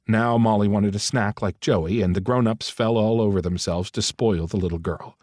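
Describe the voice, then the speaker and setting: A man narrating an audiobook in a measured, even storytelling manner. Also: on the low side, dry recording. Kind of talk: scripted narration. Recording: dry close studio mic.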